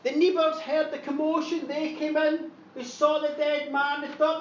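High-voiced Scottish woman telling a gory tale. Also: moderate pace. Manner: animated, laughing, dramatic. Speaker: storyteller. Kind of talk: comic horror storytelling. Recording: echoey distant dull recording, noisy.

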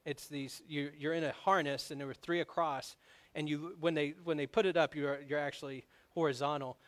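Male pastor, sermon delivery, slightly high voice, lively storytelling that swells when stressed. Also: normal speed. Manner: storytelling, animated, grows loud on emphasis.

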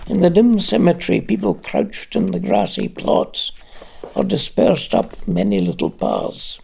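A narrator giving a measured, expressive reading of a literary audiobook. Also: low-pitched, vocal fry, husky.

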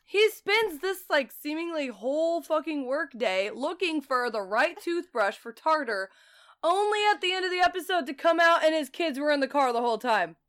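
A woman's voice: high voice, normal speed. A woman co-hosting a podcast, recapping a TV show in casual chat, laughing often and swearing freely. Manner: laughing, profane, animated retelling. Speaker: podcast co-host.

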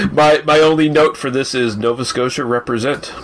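A man's voice: on the high side, a bit bright. A man in casual podcast chat, laid-back and wry with some swearing.

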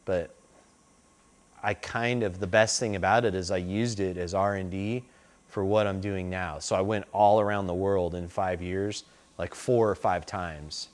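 A man's voice: sits low, steady tone, unhurried. A middle-aged man telling stories in a loose, rambling way, full of "like" and "you know". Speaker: interview guest. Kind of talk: casual storytelling.

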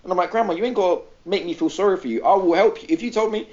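A podcast co-host tells a funny story in casual conversation, animatedly acting out voices and laughing a lot. He has a high voice and races along, and the audio is dull.

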